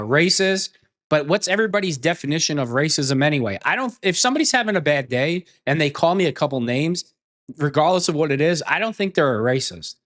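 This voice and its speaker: Guy ranting hard on camera, blunt and cursing, kinda high voice, keeps repeating himself. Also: a bit bright. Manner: angry, blunt, profane, repeats phrases for emphasis. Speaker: online commentator. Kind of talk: heated opinion rant.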